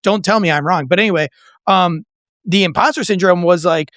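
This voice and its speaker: Man with a high voice, blunt, emphatic, joking, dry close recording. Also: a little fast, a bit bright, no room sound. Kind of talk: casual podcast chat.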